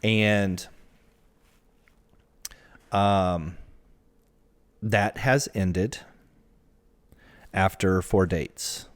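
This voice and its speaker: A man's voice: low-pitched, steady tone, very slow, pauses often. A man from the American Midwest co-hosting a podcast, chatting candidly and a little self-deprecatingly about his dating life. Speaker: podcast co-host. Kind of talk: casual chat.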